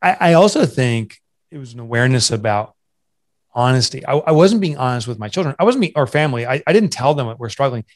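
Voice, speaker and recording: This guest, an entrepreneur and author in his forties, speaks at a quick pace in a mid-range voice with lively intonation. Telling his story candidly in an interview, he is earnest and confessional, often restarts, and grows emotional, his voice catching as he chokes up at times.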